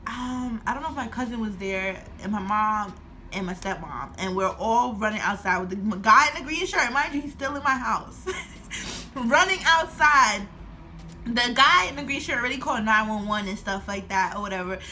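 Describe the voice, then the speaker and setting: A woman's voice: fairly high pitch, animated, moderate pace, bright, forceful tone, slight background noise. A woman in her twenties telling a storytime vlog at home, laughing often as she talks. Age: 20s. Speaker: vlogger.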